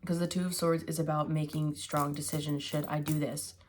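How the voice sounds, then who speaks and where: A woman's voice: low voice, level tone, a little fast, a little mellow, a little hiss or hum. A woman giving a casual tarot reading, musing aloud with hums and fillers as she turns each card. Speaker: tarot reader.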